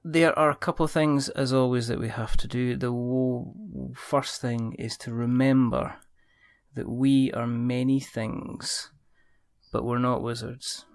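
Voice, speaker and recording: A man's voice: mid-range voice, fairly even intonation, a little slow, dry recording, clean studio sound. A man hosting a podcast, wrapping up the show with jokey plugs and thanks. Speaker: podcast host. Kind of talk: casual chat and show outro.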